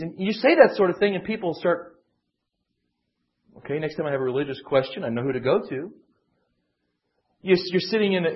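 A man teaching a conversational Bible lesson, digressive and emphatic, often restarting his sentences. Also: on the high side. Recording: dull lo-fi classroom recording.

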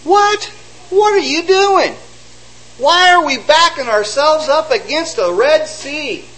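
A preacher doing a shrill, frantic crowd of fleeing Israelites whose voices leap up high and squeal with alarm as they whine about being doomed. He acts them out in the middle of his sermon. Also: expressive, takes it slowly, pushed and bright, full character voice, rough recording. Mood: panicked. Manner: whiny, frantic complaining.

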